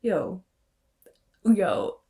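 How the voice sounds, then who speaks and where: A woman's voice: medium pitch, extremely slow. A young adult woman talking casually and emphatically as a book vlogger reviewing her reads. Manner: expressive, emphatic, often adds "okay?".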